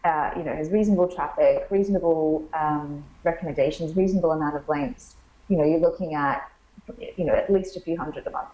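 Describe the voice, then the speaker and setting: A woman's voice: low voice, fairly quick, dark tone, echoey room, low-quality recording. A woman founder answering interview questions in a friendly, explanatory way, with frequent ums and restarts. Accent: has an accent she remarks on. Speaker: startup founder, interview guest. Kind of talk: conference interview, casual business talk. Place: conference venue.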